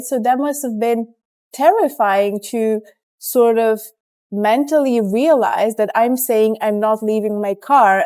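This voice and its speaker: A woman interviewer asks reflective questions quietly and checks her understanding with the guest. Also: a little high.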